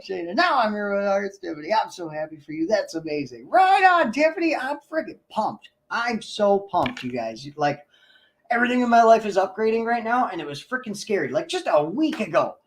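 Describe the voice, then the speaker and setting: Pumped-up man with a high voice. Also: sing-song, moderate pace, slight background noise, poor audio. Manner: hyped and pumped, loosely rambling, addresses viewers directly. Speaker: livestream host. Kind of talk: excited livestream chat with viewers.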